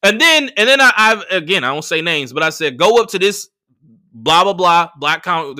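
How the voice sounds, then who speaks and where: A man's voice: high-pitched, expressive, normal speed, bright, forceful tone. A man, hosting a podcast and telling a story in a casual, profane rant, acting out the people he quotes. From United States. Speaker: podcast host and comedian.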